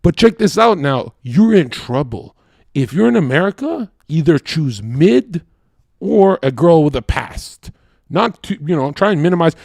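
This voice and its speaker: Gravelly, profane ranting man. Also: a little high, very animated, a little slow, no room sound, studio quality. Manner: profane, loud, acts out voices mid-story. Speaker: streamer. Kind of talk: heated rant in a debate stream.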